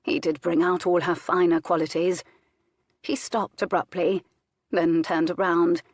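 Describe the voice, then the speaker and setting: A woman narrating an audiobook in a measured, expressive way. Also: lowish voice, dry recording.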